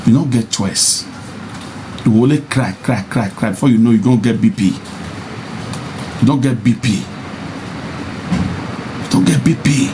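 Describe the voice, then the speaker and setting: A man's voice: darkish tone, a little hiss or hum. Insistent Nigerian Pidgin-speaking man lecturing. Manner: insistent and repetitive, mocking, rising to high taunts. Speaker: social media personality. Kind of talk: preaching monologue to camera.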